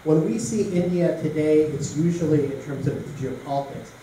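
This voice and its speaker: A man's voice: a little high, moderate pace, mellow. A man from Canada giving an informal public lecture, telling anecdotes along the way. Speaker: guest lecturer. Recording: echoey room from a distance, faint noise.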